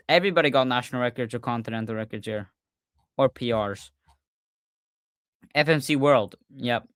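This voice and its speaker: A man hosting a casual livestreamed podcast, talking excitedly and often restarting his sentences with fillers. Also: medium pitch, clear, resonant tone, no echo, studio quality. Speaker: podcast host.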